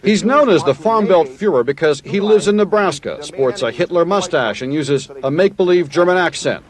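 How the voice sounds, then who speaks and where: Male correspondent with a lively voice. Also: fairly high pitch, moderate pace. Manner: crisp reporter narration. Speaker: news correspondent. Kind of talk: scripted news report.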